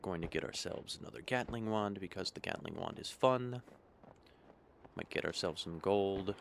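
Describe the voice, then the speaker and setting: A man's voice: deep voice, moderate pace, gravelly, slight background noise. A man casually commenting on his own gameplay, thinking aloud as he plays. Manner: relaxed, thinking aloud while playing. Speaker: gaming streamer. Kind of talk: casual let's-play commentary.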